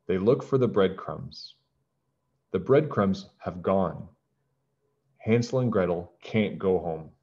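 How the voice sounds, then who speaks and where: A man, a teacher, reading a children's storybook aloud to his class in a slow, clear and expressive way, in a lo-fi recording. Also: low voice. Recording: dull lo-fi recording.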